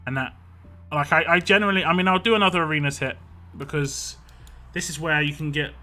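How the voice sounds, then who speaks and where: A man's voice: a little high, brisk, sharp tone, faint music behind. A British man chatting casually while live-streaming a mobile game and reading out viewer comments in a rambling, chatty way. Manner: chatty, rambling, reads chat comments aloud.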